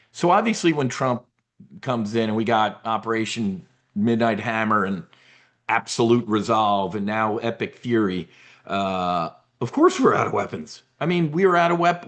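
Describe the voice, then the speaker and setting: A man's voice: mid-range voice, fairly bright tone. A man hosting a members' briefing, ranting about politics in a combative, profane way and mocking opponents in put-on voices. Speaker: trading newsletter host.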